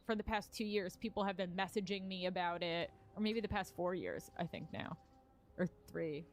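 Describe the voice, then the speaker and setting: Woman comedian, candid rambling storyteller, filler-heavy and profane, mid-range voice. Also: medium pitch. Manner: rambling, lots of "like" fillers and swearing. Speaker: stand-up comedian. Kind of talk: casual personal storytelling.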